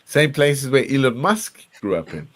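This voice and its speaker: A man's voice: mid-range voice, very animated, normal speed. A man from South Africa who repeats himself and swears while chatting casually on a live stream. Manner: repetitive, stammering, swears. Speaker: chat participant.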